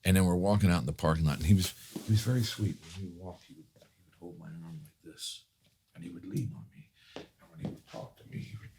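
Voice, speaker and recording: A middle-aged man telling a lively, profane anecdote as a podcast guest. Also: sits low, vocal fry, background noise. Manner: profane, lively storyteller, quick asides.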